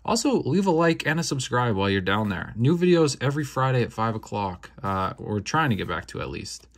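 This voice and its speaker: A young man hosting a casual card-opening video, talking in a laid-back, slangy way with quick bursts of excitement. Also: mid-range voice. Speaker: card-opening channel host. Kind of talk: casual unboxing commentary.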